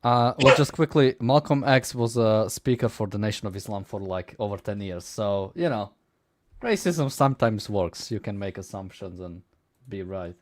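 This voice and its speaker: Male co-host, low, offhand banter. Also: moderate pace, a little hiss or hum. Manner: offhand, joking. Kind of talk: casual stream banter.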